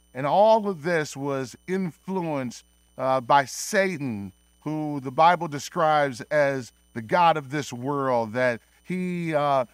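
An earnest man in his thirties preaches to his church, slowing down to press home key phrases. His voice sits fairly high for a man. The sound is dry and close, with little room around it. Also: no echo. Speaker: pastor. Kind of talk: sermon. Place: church sanctuary.

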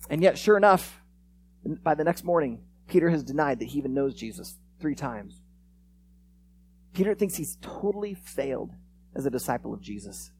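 Animated conversational preacher. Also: medium pitch, normal speed, a little hiss or hum. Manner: animated storyteller, acts out quoted lines; conversational, frequent restarts and "like". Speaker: pastor. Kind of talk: sermon with storytelling.

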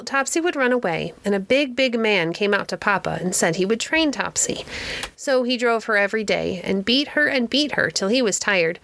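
A woman's voice: fairly high pitch, fairly bright tone. A woman voicing a shy little girl who earnestly tells simple stories. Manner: earnest, childlike storytelling.

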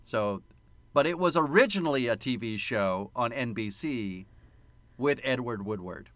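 A man's voice: medium pitch, expressive, measured pace, a bit bright, dry recording. A man co-hosting a casual movie podcast, teasing his co-host and dropping film trivia.

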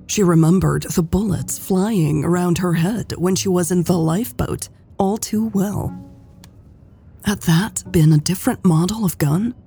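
A woman narrating a romance audiobook in a slow, measured reading. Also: on the low side, warm tone, breathy edge, faint music behind. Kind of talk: scripted narration.

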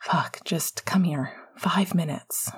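In whispered role-play, a woman voices a caring young male team staffer who talks in a breathy, hushed way. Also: fairly low pitch, takes it slowly, full character voice.

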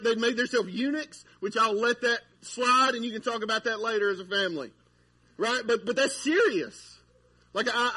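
A man's voice: very high voice, pushed and bright, breathy edge. A man preaching a sermon in a church, in a casual, conversational way with lots of fillers. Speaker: pastor. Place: church sanctuary.

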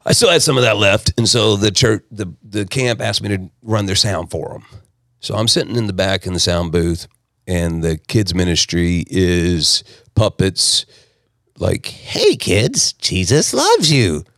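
A man from South Texas, telling his personal story as a podcast guest in an emphatic, animated way. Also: sits low, normal speed, dry recording, clean studio sound.

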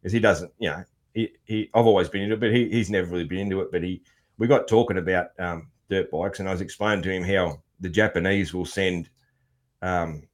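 A man's voice: deep voice, fairly even intonation, a little fast. An Australian man hosting a casual podcast chat, laid-back, with many fillers and restarts. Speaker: podcast host.

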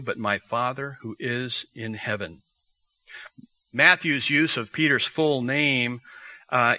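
A man's voice: medium pitch, pushed and bright, no room sound, rough recording. A man preaching an expository sermon, teaching verse by verse and reading scripture aloud.

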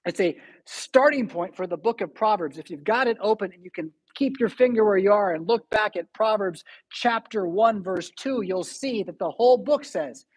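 A middle-aged male pastor delivers a sermon in a church with a slightly husky, breathy voice. He tells animated stories with sudden swings between loud and soft. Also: high voice, moderate pace, few pauses. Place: church sanctuary.

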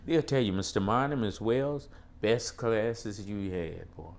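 An older man from the South, recounting school memories as an animated storyteller who keeps saying "boy" and "man". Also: lowish voice, unhurried, gravelly. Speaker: interviewee recalling school days. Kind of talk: casual storytelling interview.

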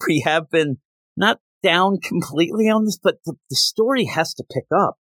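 A man's voice: high-pitched, lively intonation, fairly bright tone, no echo. Chatty man reviewing comics, dry sound. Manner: chatty, retells scenes with quick voiced quotes. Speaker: podcast host. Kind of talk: casual comic book review chat.

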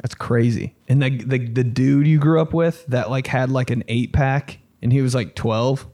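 Young male podcast host, mid-pitched, swears freely, rambles through comic bits. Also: normal speed. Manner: rambling, profane, animated riffing. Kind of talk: casual comedic monologue.

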